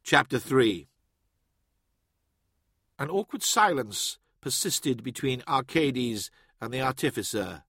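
A man reading an audiobook in steady, even scripted narration. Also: medium pitch, slow pace, pauses often, husky, no room sound, studio quality.

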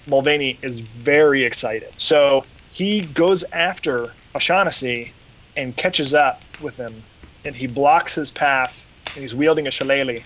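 A man's voice: mid-range voice, a little hiss or hum, rough recording. A man hosting a podcast, retelling an episode in casual chat and acting out quotes along the way. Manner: animated retelling with acted quotes. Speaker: podcast host.

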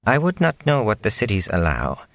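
A man voicing a gentle traveling elder from a storybook, patient and formal, in a slightly raised version of a deep voice that still rises and falls freely. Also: huge pitch swings, brisk, creaky, no echo, heavily acted.

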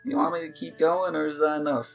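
A gloomy cowboy card player drawls out his woes in a tabletop game, his voice pushed up high. A man puts him on while running the game. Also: sing-song, quick pace, creaky, soft background music. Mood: mopey. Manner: folksy drawl.

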